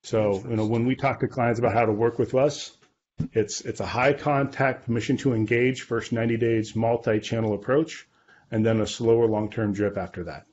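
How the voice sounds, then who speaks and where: A man's voice: medium pitch, fairly even intonation, normal speed, darkish tone, highs cut off, slight background noise. A man on a podcast confidently explaining his business figures, often checking in with "right?" and "okay". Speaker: guest, real estate data company leader.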